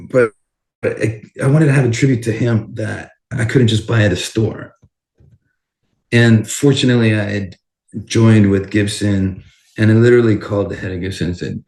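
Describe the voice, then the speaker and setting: A man, a guitarist guest, tells casual stories in an interview and acts out each side of the conversations, swearing now and then. His voice sits fairly low. The sound has a noticeable echo of the room. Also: darkish tone. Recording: roomy echoing sound.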